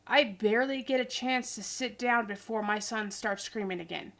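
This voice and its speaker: A woman's voice: fairly high pitch, moderate pace, a bit bright. A woman in her forties, a tired and chatty vlogger talking casually in a rambling, goofy way. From Idaho, US. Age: 40s. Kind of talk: casual chat.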